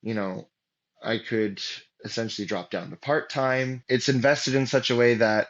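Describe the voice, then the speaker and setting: A man's voice: medium pitch, moderate pace, lo-fi sound. A man as interview guest, telling his story casually with lots of fillers and restarts. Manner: rambling, many fillers and restarts.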